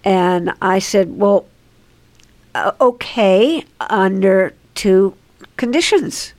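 A woman in casual conversation, recounting a business deal in a firm, deliberate way with fillers. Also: mid-range voice, animated, darkish tone.

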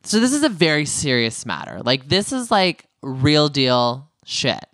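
A man's voice: fairly high pitch, wildly swooping pitch, a little slow, fairly bright tone, dry recording, studio quality. Man chatting casually as co-host. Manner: chatty, storytelling with quoted voices. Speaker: podcast co-host. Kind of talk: casual chat recapping a reality show.

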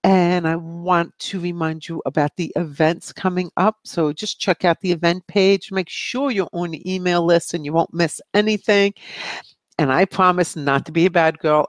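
A woman's voice: on the low side, no room sound. Chatty middle-aged woman psychic host. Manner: chatty, breezy, laughs often. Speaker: psychic medium show host. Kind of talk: live-streamed call-in chat reading viewer questions.

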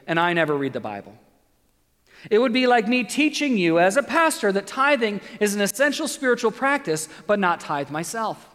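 A man's voice: high-pitched, fairly bright tone, big-room sound. A man preaching a sermon as pastor, reading scripture dramatically and adding light jokes.

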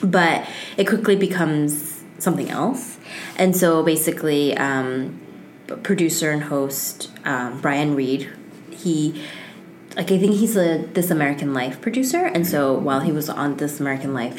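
A woman's voice: low voice, a little hiss or hum. A woman in casual podcast chat, talking loosely with many filler words. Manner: chatty, lots of "like" fillers. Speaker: podcast co-host.

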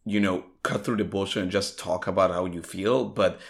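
A man's voice: deep voice, steady tone, moderate pace, vocal fry. A man co-hosting a podcast, laid-back and swearing casually, his voice still recovering from being lost. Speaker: podcast co-host. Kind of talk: casual chat.

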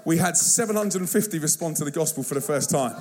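A man preaching an energetic sermon to a church, telling stories in a punchy, slangy, excitable way. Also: on the high side, fast, background noise. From United Kingdom. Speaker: guest youth evangelist. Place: church service.

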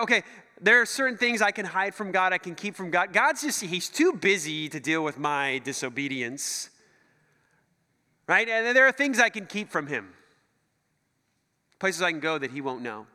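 A middle-aged man preaches in a high, bright voice that swings up and down, animated and joking as he acts out the voices he quotes. His sermon rings with a long church hall reverb. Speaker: pastor.

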